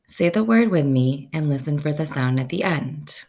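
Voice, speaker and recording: A woman teaching a first-grade phonics lesson, slowly stretching out each sound so children can say the words with her. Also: low-pitched, animated, warm tone.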